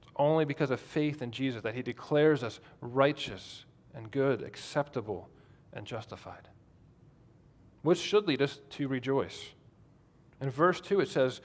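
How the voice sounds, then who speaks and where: A man's voice: medium pitch, lively intonation, measured pace. A man preaching a sermon in a conversational way, asking the congregation questions. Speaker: pastor.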